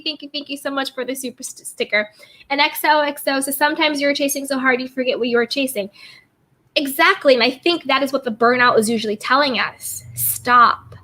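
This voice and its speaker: A woman's voice: high voice, sharp tone. A woman hosting a casual self-care livestream, greeting viewers from the chat and repeating upbeat affirmations. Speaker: livestream host reading chat.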